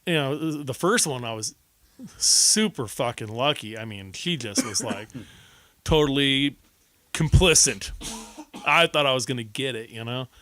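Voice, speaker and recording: A man's voice: mid-range voice, measured pace, faint music behind. A man in his thirties, co-hosting a podcast and telling stories in a casual, profanity-laced way. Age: 30s. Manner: animated, swearing storyteller. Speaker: podcast co-host. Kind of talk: casual chat.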